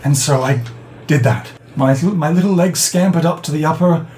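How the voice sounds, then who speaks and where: A man voicing a very old, frightened man who makes halting, trembling apologies. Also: fairly high pitch, darkish tone, natural voice. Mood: confessing. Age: over 60.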